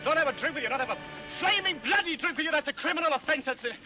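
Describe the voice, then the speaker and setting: A man's voice: very high-pitched, sing-song, moderate pace, far from the mic, over music. An actor playing an exasperated man who refuses a drink and launches into a sarcastic, indignant rant, in old film dialogue.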